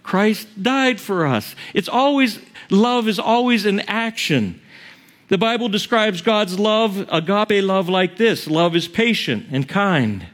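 A man, the pastor, preaching a sermon in a conversational way, asking the congregation questions and joking, rising high on key points and dropping low for asides. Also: expressive, takes it slowly, fairly bright tone.

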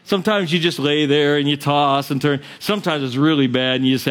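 Male preacher with a high voice, animated storytelling sermon, acts out characters. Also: fairly quick, hardly any pauses. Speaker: pastor.

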